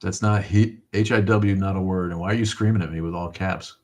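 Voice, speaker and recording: A man's voice: low voice, steady tone, fairly quick, darkish tone. A middle-aged man hosting a casual livestream, thanking viewers and ranting in a profane, rambling way. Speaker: livestream host. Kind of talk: casual livestream chat reading viewer comments.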